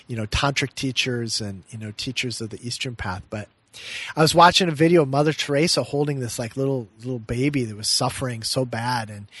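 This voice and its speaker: A middle-aged man, a meditation teacher, telling a personal story in an earnest, reflective way and often laughing softly mid-sentence. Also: medium pitch, husky, no room sound. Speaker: meditation teacher and podcast guest. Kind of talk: heartfelt personal storytelling in conversation.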